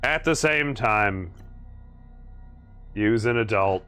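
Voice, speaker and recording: A man's voice: fairly low pitch, expressive, slow pace, sharp tone, clear, resonant tone, soft background music. A man hosting a casual livestream, reading chat aloud and chatting in an easygoing way. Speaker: stream host.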